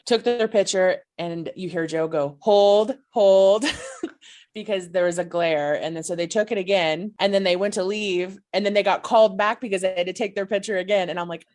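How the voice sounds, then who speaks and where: A woman's voice: fairly low pitch, a little fast, hardly any pauses. A woman co-hosting a podcast, gushing through a fan story with lots of giggles. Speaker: podcast co-host. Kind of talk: excited storytelling chat.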